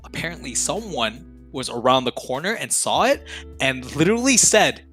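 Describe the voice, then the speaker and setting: A young man telling a story from his high school days in a casual podcast chat, swearing often and getting loud when he gets worked up. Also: moderate pace, breathy edge, faint music behind. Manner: animated, swears often, laughs mid-story. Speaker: podcast guest.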